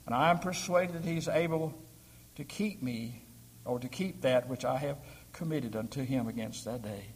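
Preacher in a reverberant hall. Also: male voice, mid-range voice, moderate pace, husky. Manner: rising to emphatic, forceful peaks, asking the congregation questions. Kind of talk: sermon.

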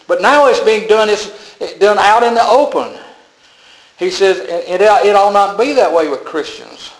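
Older man, pastor, folksy sermon storyteller, slightly high voice, roomy church sound. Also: measured pace.

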